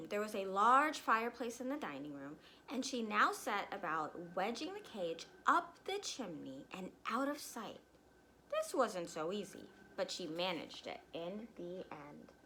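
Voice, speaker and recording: A woman reading a children's storybook aloud, pausing to explain words for young listeners. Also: medium pitch, very animated, pushed and bright, a little hiss or hum, low-quality recording. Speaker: reader.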